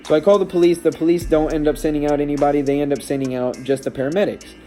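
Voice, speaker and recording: A man recounts a story to camera in a casual vlog, his slightly high voice mellow and soft-edged. He rambles and restarts often, sounding shaken and emotional. Faint music plays behind him. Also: little pitch movement, rapid-fire. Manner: rambling, with frequent restarts and fillers. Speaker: vlogger and stepdad.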